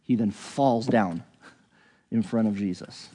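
A man's voice: fairly low pitch, slow, mellow. Man teaching scripture in a reverberant hall. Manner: thinks aloud, with frequent restarts and hedges. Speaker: Bible teacher. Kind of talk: conversational Bible teaching.

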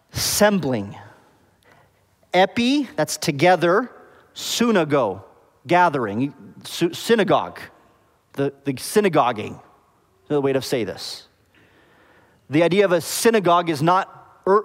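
A pastor preaching a sermon, explaining the meaning of words and often checking with the congregation whether it makes sense. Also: male voice, fairly high pitch, very animated, moderate pace, long pauses, in a large hall. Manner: explains word meanings, asks the congregation "okay?" and "does that make sense?".

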